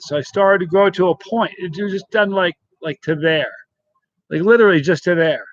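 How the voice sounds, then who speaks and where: A man's voice: a little high, moderate pace, dry recording, highs cut off. A middle-aged man hosting a casual live stream, chatting and rambling as he greets viewers by name. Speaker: channel host reading live chat.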